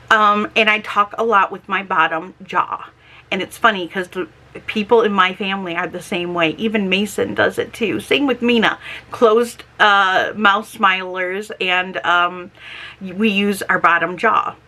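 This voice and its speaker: Bright-voiced chatty woman with a denture lisp. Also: mid-range voice, steady tone. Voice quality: slightly slurred, lisping S sounds from dentures. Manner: chatty, talks slowly and carefully. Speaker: homestead vlogger. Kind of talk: casual vlog talk.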